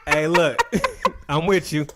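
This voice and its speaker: A man in his thirties co-hosting a podcast in casual chat, excitable and slangy, repeating phrases for emphasis. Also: on the high side, slow pace, heavy background noise. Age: 30s. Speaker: podcast co-host.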